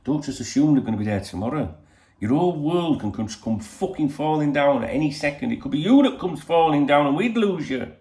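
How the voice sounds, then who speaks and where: A man's slightly high, dark voice moves briskly with lively intonation, echoing in the room. As a channel host at home in Spain, he chats casually to camera, rambling, swearing freely and repeating "you know".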